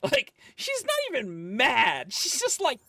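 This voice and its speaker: A man's voice: extremely high pitch, huge pitch swings, takes it slowly, gravelly, sharp tone, no echo, clean studio sound. A man streaming a video game, chatting and laughing about the scenes as he plays. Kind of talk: casual gameplay commentary.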